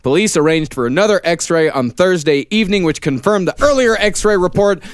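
A man with a high, lively voice reads quirky news stories on a podcast. His delivery stays matter-of-fact, recorded close and dry with no room sound. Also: normal speed, clean tone, dry recording. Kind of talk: casual chat, reading news aloud.

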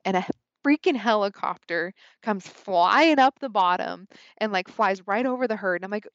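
A young woman telling a story in a casual, animated way, peppered with "like" and acting out her own thoughts. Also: mid-range voice, moderate pace, dry recording, lo-fi sound. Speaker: podcast guest, hunter.

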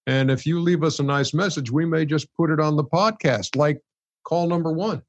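A man hosting a sports podcast with a smooth, wry manner of talking. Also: on the high side, normal speed. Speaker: host. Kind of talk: casual podcast chat.

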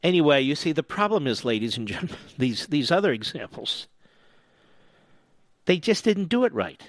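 A man's voice: on the high side, sing-song, moderate pace, dry recording, clean studio sound. An older man from the US East Coast hosting talk radio, sarcastic and combative in a mocking monologue. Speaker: radio talk show host.

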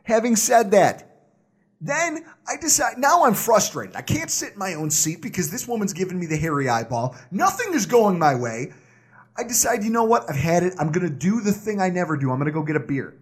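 A man co-hosting a podcast, telling a story in an animated, exasperated way. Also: sits high, fairly quick, husky. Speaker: podcast co-host.

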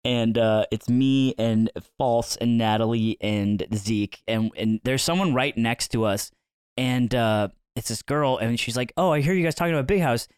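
A man's voice: moderate pace, smooth, dry recording, studio quality. A man co-hosting a podcast, telling stories in casual chat and acting out the people he quotes. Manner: animated, acts out quoted people with sudden pitch jumps. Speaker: podcast co-host.

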